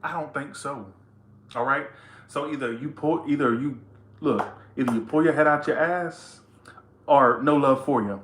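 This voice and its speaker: A male tarot reader talks straight to his viewers in a casual, teasing way. His bright, sharp voice carries blunt, profane remarks. The sound is roomy and echoing. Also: mid-range voice, normal speed, slight background noise. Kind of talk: casual tarot reading to camera.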